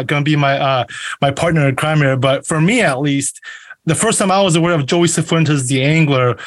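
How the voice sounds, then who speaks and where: A man's voice: on the high side, dry recording. A man hosting a fishing show, chatty and filler-heavy as he introduces and interviews a guest. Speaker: show host. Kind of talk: casual interview.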